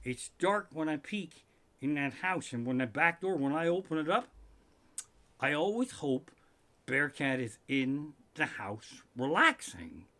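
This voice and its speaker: A man doing a live-streamed comedic rant from his living room, profane and animated with sudden outbursts. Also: fairly high pitch, unhurried. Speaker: comedian host.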